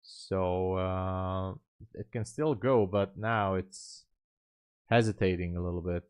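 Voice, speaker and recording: The host of this live day-trading stream has a smooth, low voice. He comments on his trades and the chat, thinking out loud, greeting viewers and often laughing, in a relaxed, halting style heavy with fillers. The audio is clean, studio-grade and has no echo.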